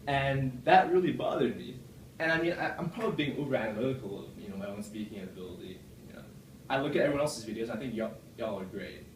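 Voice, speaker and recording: A man's voice: animated, fast, a little hiss or hum. A man giving a rambling, self-deprecating club speech full of fillers and restarts, recorded from across a meeting room. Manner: puts on a deeper voice from the chest. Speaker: club speaker. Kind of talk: prepared speech. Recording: echoey room from far off.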